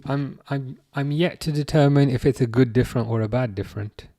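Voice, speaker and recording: A man's voice: medium pitch, fairly quick, mellow, no echo, studio quality. A young man hosting a live stream, reading viewer chat aloud and answering in a chatty, self-correcting way. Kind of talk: casual live chat commentary.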